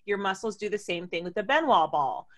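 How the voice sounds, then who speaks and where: A woman co-hosting a podcast, talking candidly and playfully and laughing often. She walks her listeners through things step by step in a relaxed, chatty way. Her voice sits at an ordinary middle pitch for a woman. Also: brisk. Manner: explains step by step. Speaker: podcast co-host. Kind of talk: casual chat.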